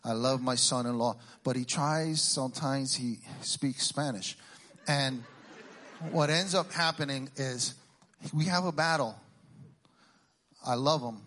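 A middle-aged man from Puerto Rico doing a stand-up routine, teasing the crowd with quick questions and Spanish exclamations. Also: mid-range voice, fairly bright tone, slight background noise. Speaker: stand-up comedian.

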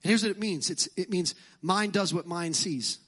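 A man's voice: high-pitched, normal speed, a bit bright, breathy edge. A male pastor with a Brooklyn accent preaching a sermon in church, emphatic and fond of repeating phrases.

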